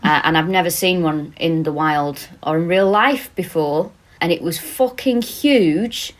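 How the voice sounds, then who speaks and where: Woman, Manchester accent, podcast co-host, casual comedic chat, animated storyteller. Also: lowish voice, a little slow. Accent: Mancunian. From England. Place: countryside home, recording remotely. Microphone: remote call.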